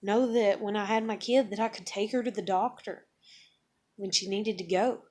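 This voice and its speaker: A woman venting in a personal vlog, blunt and emotional, swearing often as she talks about her life. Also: moderate pace. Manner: acts out others in higher excited voices. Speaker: vlogger.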